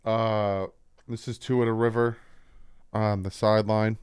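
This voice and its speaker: A man with a New Jersey accent casually breaking down football practice clips as a channel host, explaining plays with excitement. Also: on the low side, unhurried, clean tone, no room sound. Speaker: sports commentator.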